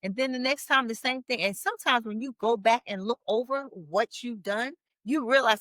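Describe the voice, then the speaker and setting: A woman's voice: a little high, normal speed, hardly any pauses, fairly bright tone, no echo. A woman talking as a marriage coach on a podcast, explaining earnestly. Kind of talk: podcast conversation.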